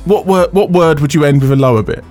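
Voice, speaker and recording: A man's voice: a little high, quick pace, darkish tone, soft background music. A man hosting a radio tech show, chatting loosely and teasing his co-host in a studio. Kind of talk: casual studio banter. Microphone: studio microphone.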